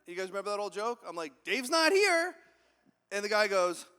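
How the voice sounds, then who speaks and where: Man, keynote speaker, high bright voice, lively storyteller, stage mic in an echoey hall. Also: racing, smooth. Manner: high-energy, acts out quoted voices, questions the audience. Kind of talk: motivational keynote. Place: large event hall with audience.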